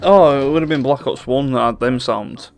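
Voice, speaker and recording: A man's voice: mid-range voice, normal speed. A man playing along as co-player, chatting casually with laid-back, dry remarks. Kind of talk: casual banter while gaming. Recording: game gunfire loud under the voice.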